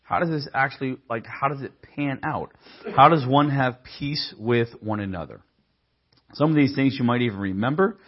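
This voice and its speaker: A man's voice: mid-range voice, normal speed, breathy edge, highs cut off. A man preaching a sermon in a casual, conversational way, mixing scripture with humorous personal stories.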